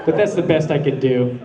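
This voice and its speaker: A man answering questions as the voice actor guest on a convention panel, laid-back and laughing often as he tells stories. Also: medium pitch. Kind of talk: panel Q&A storytelling. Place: large convention hall. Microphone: handheld camera far from the stage. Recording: echoey hall from far off, audience. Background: audience murmurs and laughter.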